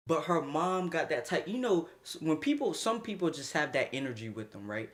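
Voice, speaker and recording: A young man streaming a casual storytime, slangy and animated, laughing often as he talks. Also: fairly high pitch, normal speed, hardly any pauses.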